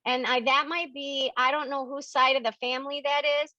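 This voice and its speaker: Speaking fairly quickly in a high, level, pushed and bright voice, a spiritual medium runs a Q&A for members over a video call. Her casual explanations are lively, and she performs the lines she quotes. There's no echo, but the lo-fi call audio sounds dull.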